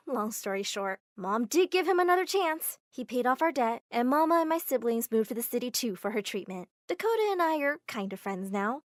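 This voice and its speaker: Casting: woman narrator, dramatic storybook read, slightly high, dry close sound. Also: very animated, brisk, few pauses, no room sound. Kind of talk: first-person storybook narration.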